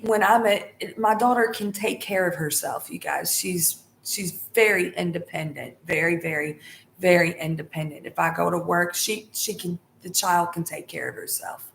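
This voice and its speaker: A woman's voice: fairly low pitch, gravelly. A middle-aged woman telling a rambling story to her viewers, full of fillers and restarts. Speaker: tarot vlogger. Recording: echoey room with faint hiss.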